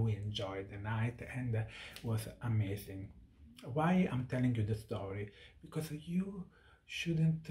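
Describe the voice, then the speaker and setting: A man in his thirties speaking to camera in an earnest, heartfelt way, often pausing to search for words. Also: medium pitch, dark tone, echoey room, slight background noise. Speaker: vlogger. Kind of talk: personal monologue to camera.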